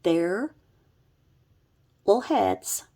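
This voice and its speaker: A woman's voice: mid-range voice, expressive, drawn-out words, vocal fry, mellow. A middle-aged woman telling a true crime story in a chatty, sarcastic vlog style with blunt asides. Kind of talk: casual vlog narration.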